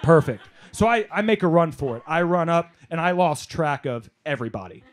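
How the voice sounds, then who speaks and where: A man doing a stand-up comedy set on a club stage, telling animated stories, working the crowd and shouting some punchlines. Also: a little high, fairly quick.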